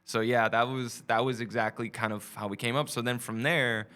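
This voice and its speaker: Bright-voiced man telling a story. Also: mid-range voice, normal speed, clear, resonant tone. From Texas. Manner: animated, acts out quoted voices. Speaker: comedian guest. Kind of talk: casual storytelling.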